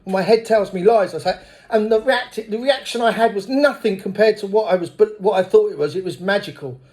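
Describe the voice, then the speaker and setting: Brief: middle-aged man, high voice, blunt and profane, giving a lively recovery testimony. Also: a little fast. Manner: blunt, swears freely; lively storyteller. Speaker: speaker at a recovery meeting.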